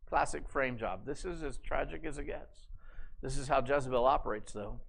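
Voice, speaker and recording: A male pastor preaching a sermon, telling a story in an animated, conversational way with humorous asides. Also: medium pitch, moderate pace, gravelly.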